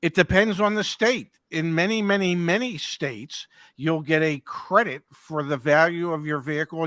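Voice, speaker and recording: A man's voice: fairly high pitch, pushed and bright, no room sound. An older man co-hosting a casual chat, a joking, folksy storyteller who once ran car dealerships. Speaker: co-host, former car dealership manager.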